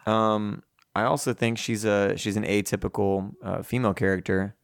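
Male podcast co-host, low and gravelly, dry sound, loose rambling delivery with cursing. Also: steady tone, moderate pace, no echo. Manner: rambling, profane, laughs often. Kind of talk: casual chat.

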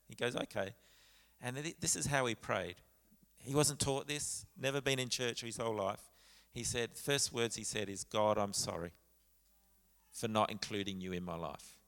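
A man's voice: on the low side, creaky, fairly bright tone. A man, a pastor telling a story in a sermon with quoted dialogue and frequent restarts. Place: church sanctuary. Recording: church hall with long reverb.

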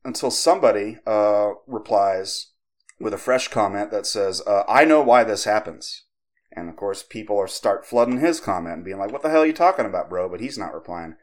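A man hosting a podcast, casually telling a creepypasta story with profanity and lively quoted voices. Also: lowish voice, normal speed. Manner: conversational, profane, animated when quoting others. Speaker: podcast host.

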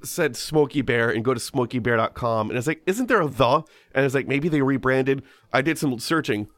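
A man's voice: medium pitch, a little fast, no echo. A man hosting a casual comedy podcast, reading a ghost story aloud and breaking off for joking asides.

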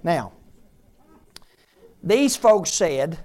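Lively-pitched preacher man. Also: drawn-out words. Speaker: pastor. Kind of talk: sermon.

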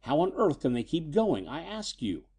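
A man's voice: on the high side, very animated, moderate pace, darkish tone, breathy edge, voice pushed up, heavily acted. A man voicing a frantic, agitated older male scientist, pleading and exclaiming.

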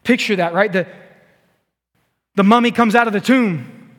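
High-voiced preacher in an echoing hall. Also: male voice, moderate pace. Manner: animated, playful, acts out scenes. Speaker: youth pastor. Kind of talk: sermon. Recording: long hall reverb.

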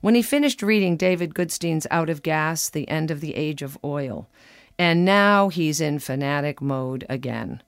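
A woman's voice: deep voice, moderate pace, clean tone, dry recording, studio quality. A woman commentator reading her own wry personal essay in a conversational way, slipping into quoted dialogue.

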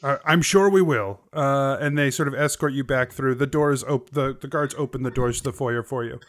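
A man narrating a tabletop game as game master, relaxed and full of fillers. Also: medium pitch, moderate pace. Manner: relaxed, filler-heavy narration with frequent laughs.

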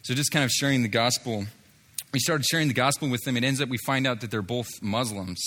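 A man's voice: mid-range voice, fairly quick, bright, forceful tone. A man telling a story from street ministry, with many fillers and restarts, acting out what others said. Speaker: street evangelist telling a testimony. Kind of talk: spoken testimony story.

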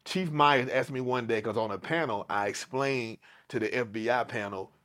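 A man's voice: medium pitch, normal speed. A man, a podcast guest, telling a personal story in casual conversation, with frequent restarts and repeated phrases in African American Vernacular English. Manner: animated, repeats himself, restarts sentences.

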